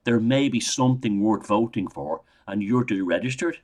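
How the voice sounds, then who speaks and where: A man's voice: on the low side, lively intonation, normal speed, few pauses. A middle-aged Irish man delivering a solo political monologue in an indignant, ranting manner, often restarting his sentences. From Ireland. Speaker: political commentator.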